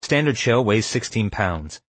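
A man's voice: lowish voice, big pitch swings, a little slow, no room sound. A man doing a curt, bossy girl spy. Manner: clipped and commanding. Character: young female spy trainee, cool, curt, bossy.

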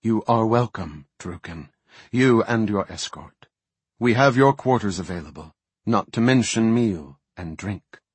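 A man voicing a calm, gracious female elf high priestess who speaks politely and formally. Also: unhurried, husky, no echo.

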